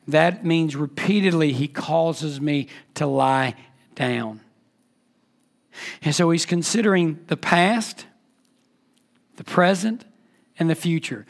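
High-voiced man preaching with emphasis. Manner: emphatic preaching, swings between loud and hushed. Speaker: pastor. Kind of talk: sermon.

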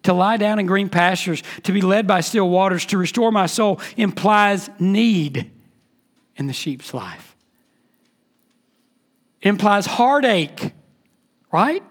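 A man preaching a sermon with a high voice. He delivers it with emphasis, leaning into key words, then sinks to a near hush before building back up. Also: animated, slow pace, long pauses. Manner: emphatic preaching, swings between loud and hushed. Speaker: pastor.

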